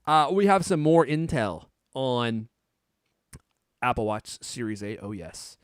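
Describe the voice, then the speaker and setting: Lively joking podcast host man. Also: medium pitch, slow pace, clean tone, dry recording, clean studio sound. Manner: animated, joking, many fillers and restarts. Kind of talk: casual podcast chat.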